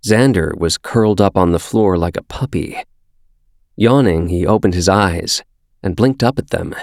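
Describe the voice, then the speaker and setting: Deep-voiced guy reading an audiobook, slow and measured, dry close sound. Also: creaky, darkish tone, no echo. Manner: measured, unhurried storytelling. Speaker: audiobook narrator. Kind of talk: scripted audiobook narration.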